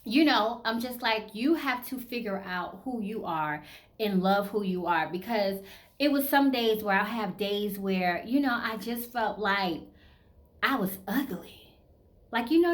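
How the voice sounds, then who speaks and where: A Southern-accented woman in her thirties chats openly to her audience in a loose, personal way. Her voice sits a little high, and she fills her talk with "you know" and "like.". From American South. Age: 30s. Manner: candid, chatty, full of fillers like "you know" and "like". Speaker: vlogger. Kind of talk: casual personal chat to camera.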